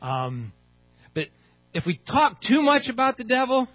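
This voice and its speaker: Husky man preaching a lively sermon. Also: extremely high pitch, measured pace, no echo, lo-fi sound, soft background music. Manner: conversational, asks the audience many rhetorical questions. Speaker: pastor.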